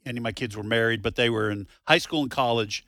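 A middle-aged man with a bright, forceful voice banters on a talk radio show. He spins a story in a chatty way and laughs easily. The sound is dry and close. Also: mid-range voice, quick pace, creaky, no echo.

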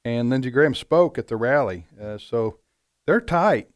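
Man, talk radio host, mid-pitched, meandering delivery, dry studio mic. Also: expressive, moderate pace, no echo. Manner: rambling, with frequent filler "uh"s and restarts. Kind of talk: casual talk radio chat.

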